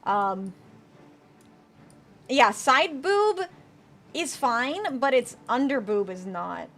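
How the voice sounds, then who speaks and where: Drawn-out words and big pitch swings mark this VTuber's fairly high, fairly bright voice. She plays a video game live, chatting casually, responding to chat messages and cursing here and there.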